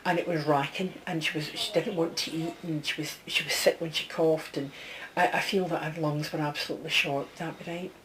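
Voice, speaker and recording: Woman medium, low-voiced. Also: fairly even intonation, fairly quick, few pauses, a bit bright, slight background noise, poor audio. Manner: chatty, relays messages, keeps checking with the sitter. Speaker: psychic medium. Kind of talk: one-to-one reading.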